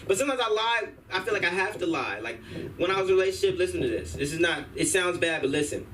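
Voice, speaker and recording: A man's voice: high-pitched, lively intonation, fast talker, a bit bright. A male stand-up comic at an open mic, telling rambling, slangy stories in a loose, casual way. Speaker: stand-up comedian. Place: comedy club open mic. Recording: distant room mic with faint hum.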